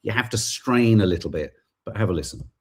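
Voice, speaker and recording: A man's voice: lowish voice, animated, fairly quick, heavy background noise. A man hosting a podcast, giving impassioned, indignant political commentary and swearing now and then. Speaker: podcast host.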